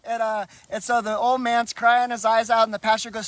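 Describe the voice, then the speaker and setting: A man's voice: very high-pitched, little pitch movement, fairly quick, a bit bright. A man guesting on a Christian talk show, preaching fervently and telling rambling jokes. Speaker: guest from a Christian television network. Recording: noisy live broadcast.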